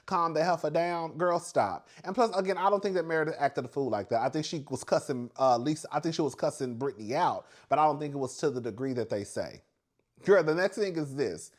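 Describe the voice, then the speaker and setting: A man with a slightly high voice talks through a reality TV episode in a loose, gossipy way. He is animated and sassy, swears freely and laughs between points. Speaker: reality TV commentator. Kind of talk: casual reality TV recap.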